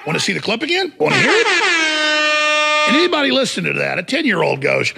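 A fiery male talk show host in a heated, mocking rant, often bursting into shouts. His voice is raspy and gravelly, with a bright, sharp edge. His pitch sits high and swoops widely as he talks. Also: huge pitch swings, fast talker, pauses often. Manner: combative, mocking, shouts for emphasis.

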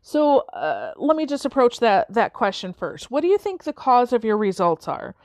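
A woman's voice: fairly high pitch, wildly swooping pitch, normal speed, no room sound, clean studio sound. A woman hosting a podcast, telling a parable as part of a casual motivational talk and checking in with listeners. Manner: conversational, checks in with listeners with "okay?" and "right?". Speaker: podcast host.

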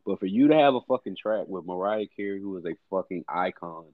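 A man's voice: sits low, expressive, fairly quick, no echo, phone-quality sound. A man co-hosting a casual music podcast, blunt, profane and emphatic. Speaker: podcast co-host.

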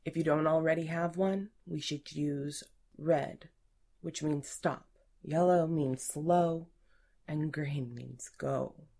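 A sly, commanding female boss, voiced by a woman reading an erotic audiobook, low in pitch and unhurried. She gives her orders in a hushed, teasing tone. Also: fairly even intonation, heavily acted. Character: stern, teasing female office supervisor.

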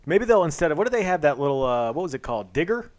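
A man's voice: fairly high pitch, very animated, rapid-fire, a little mellow, dry recording. Rambling, chatty man with a dry sound. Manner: rambling, chatty, many fillers. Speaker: podcast co-host. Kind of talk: casual chat.

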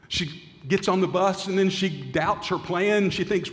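A male pastor preaching, telling a story with dramatic pauses and often dropping to a hushed voice. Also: high voice, big-room sound. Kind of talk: sermon storytelling.

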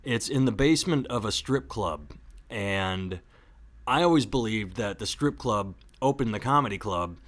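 A man's voice: lowish voice, lively intonation, moderate pace, fairly bright tone. A man hosting a podcast, chatting casually and telling rambling jokey stories. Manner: rambling, joking storyteller. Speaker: podcast host.

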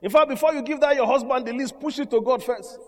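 High-pitched preacher man shouting declarations. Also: fast talker. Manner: shouted declarations with call-and-response repetition. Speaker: pastor. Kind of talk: sermon. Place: church. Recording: echoey church hall with congregation. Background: congregation responding.

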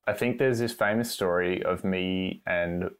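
A man from Australia with an Australian accent, a podcast guest talking in a relaxed, easygoing way and laughing easily. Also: deep voice, unhurried, clean tone. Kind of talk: casual chat.

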